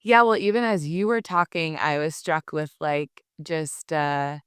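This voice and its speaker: A woman therapist, a podcast guest, explaining in a reflective, warm-hearted way in casual conversation. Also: sits low, steady tone, unhurried, clean tone, dry recording, studio quality.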